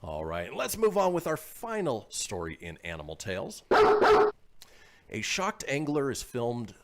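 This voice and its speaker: A northern Nevada man hosts a radio show, chatting casually, reading news stories aloud, and laughing often in an animated way. His voice is medium-pitched and unhurried, with slight background noise.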